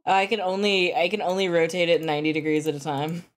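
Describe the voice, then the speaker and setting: A chatty woman streamer with a fairly low voice. She jokes around easily and runs on into long explanations as she plays. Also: flat delivery, fast talker. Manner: chatty, jokey, laughs often, explains things at length. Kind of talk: casual chat while playing a game live.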